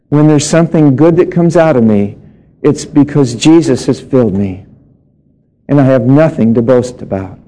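Man, middle-aged, pastor, sermon, mellow tone, mid pitch, humorous storytelling. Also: rough recording. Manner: storytelling with humor between scripture readings.

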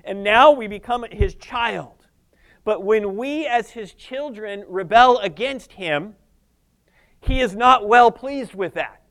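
A pastor preaching a fervent sermon, calling out Hallelujahs and Amens and now and then laughing at himself. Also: male voice, sits high, takes it slowly, a bit bright.

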